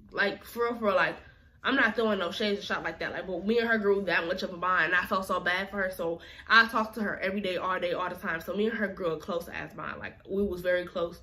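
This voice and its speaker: Woman vlogger, casual storytime, slangy and animated, mid-pitched voice.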